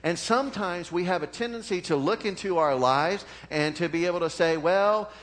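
Speaking at a moderate pace, a middle-aged pastor delivers an earnest, conversational sermon. He frequently checks in with his congregation, alternating between loud, emphatic high points and quiet asides in a low voice.

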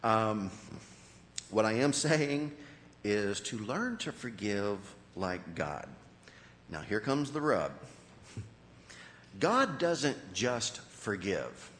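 A man preaching a sermon as pastor, in an animated way with sudden rises and drops in his voice. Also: on the low side, extremely slow, pauses often, big-room sound, slight background noise.

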